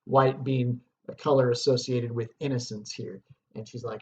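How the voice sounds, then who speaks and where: A man's voice: mid-range voice, steady tone, moderate pace, slight background noise. Guy teacher casually explaining stuff, lots of um and okay, kinda muffled audio. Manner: casual, with fillers and check-ins. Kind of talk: casual lesson explaining a play.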